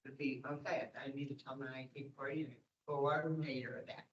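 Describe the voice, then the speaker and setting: A woman in the audience asking questions in a halting way, thinking aloud. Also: a bass voice, steady tone, reverberant, far from the mic, dull audio, slight background noise. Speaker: audience member.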